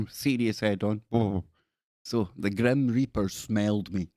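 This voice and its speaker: With a lowish, somewhat dark voice and a measured pace, this livestream host reads out stories sent in by viewers. He wanders into playful tangents and puts on mock-spooky voices for laughs, and the studio audio is clean with no room sound.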